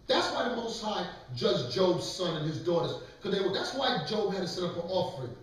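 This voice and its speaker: A man's voice: high voice, expressive, a little fast. A man preaching and leading a scripture class, lecturing emphatically and calling on others to read. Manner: emphatic, lecturing, calls for readings. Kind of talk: preaching sermon. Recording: echoey room, mic far off.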